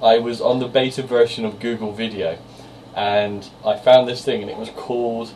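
A man's voice: mid-range voice, fairly even intonation, normal speed, darkish tone. A man, co-hosting a casual podcast chat, telling stories and laughing often. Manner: chatty storyteller, laughs often. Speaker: podcast co-host. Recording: distant mic with faint hiss.

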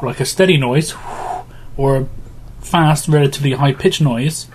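A man's voice: mid-range voice, normal speed, a little hiss or hum. A man hosting a casual gaming podcast, chatty and rambling with fillers. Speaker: podcast host. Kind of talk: casual chat.

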